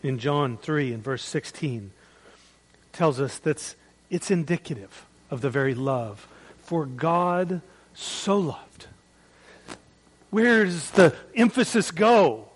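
A man preaching a sermon as pastor, swinging between loud, emphatic peaks and hushed, quiet drops. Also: on the high side, animated, a little slow, slightly rough, rough recording. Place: church.

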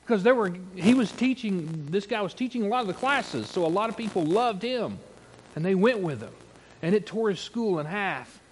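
Middle-aged guy preaching, tells funny folksy stories, kinda high voice, faint hiss behind. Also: lively intonation, moderate pace. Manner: folksy, humorous anecdotes, acts out quotes. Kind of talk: sermon with storytelling.

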